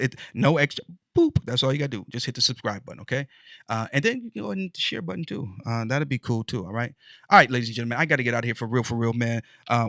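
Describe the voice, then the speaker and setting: A man's voice: mid-range voice, a bit bright, no echo, studio quality. A man hosting his own show, giving a folksy, preachy motivational talk with playful asides. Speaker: show host. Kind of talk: motivational monologue.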